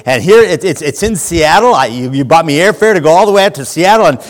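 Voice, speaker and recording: Animated preacher man in a church hall. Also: on the high side, fast talker. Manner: animated, shouts when acting out a fan. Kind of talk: lively sermon. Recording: church hall with long reverb.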